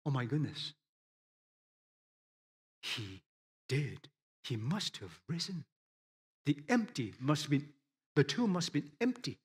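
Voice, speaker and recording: Guy preaching a sermon, calls everyone friends, slow delivery, voice sits a bit high. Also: big pitch swings, slightly rough. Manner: emphatic, rises and drops sharply for effect; addresses listeners directly as friends.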